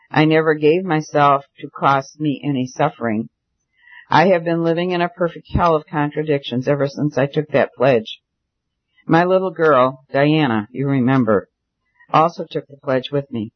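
Guy reading as a rich landlord all torn up with guilt, pleading, kinda high voice, dull dry sound. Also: no echo, close to an everyday voice. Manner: anxious confessional pleading. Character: wealthy agitated male landlord, guilt-stricken. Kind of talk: audiobook character reading.

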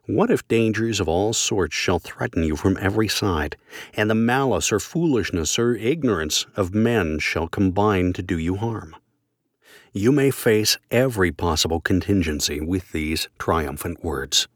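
A man reading a devotional text aloud in a measured, solemn, formal manner. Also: fairly low pitch, big pitch swings, dry recording. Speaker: reader of a devotional book. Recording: dry close recording.

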